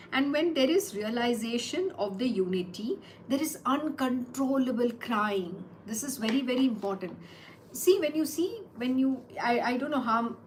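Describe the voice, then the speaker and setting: A woman's voice: a little high, slight background noise, rough recording. A woman explaining scripture verses line by line, repeating phrases and asking rhetorical questions. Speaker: spiritual teacher.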